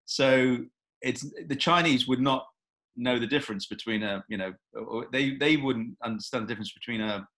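A man, a film director, talks through an interview answer in a relaxed, meandering way. He fills pauses with "um" and "you know" and often restarts his sentences, in a medium-pitched voice. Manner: relaxed, rambling, frequent fillers and restarts.

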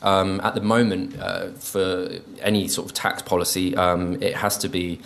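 A man's voice: sits low, flat delivery, normal speed, creaky, a bit bright. A man giving an informal conference talk, hesitant and full of ums, with an indignant edge. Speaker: conference speaker. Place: conference venue.

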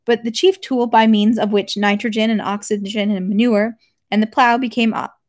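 A young woman reading a long classic novel aloud, steady, with occasional slips and restarts. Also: a little high, normal speed. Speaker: reader.

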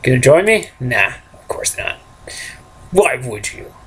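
A man's voice: medium pitch, sing-song, measured pace, fairly bright tone, slightly rough. A man hosting a game let's play, rambling casually and chuckling to himself as he plays. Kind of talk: casual gameplay commentary.

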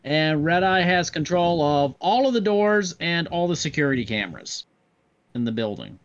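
A man narrating a tabletop game as game master, slow and full of fillers. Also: a little high, very animated. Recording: dull lo-fi recording.

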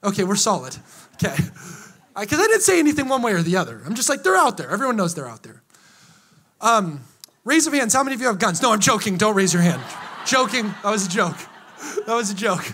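A man preaching a sermon to a live congregation, energetic and joking with them, rising to excited shouts. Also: sits high, fast. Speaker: pastor. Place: church hall before a live congregation.

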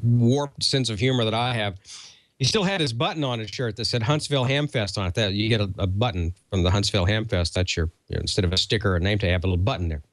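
A man's voice: fairly low pitch, fast, no room sound. A man in his fifties co-hosting a ham radio show, telling stories in a folksy, chuckling way. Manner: folksy storytelling, chuckles often. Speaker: co-host.

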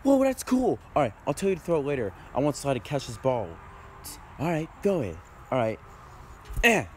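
A man's voice: on the high side, big pitch swings, moderate pace, a little hiss or hum. A young man performing a casual improvised comedy skit, voicing several friends who bicker in whiny, slangy banter full of fillers.

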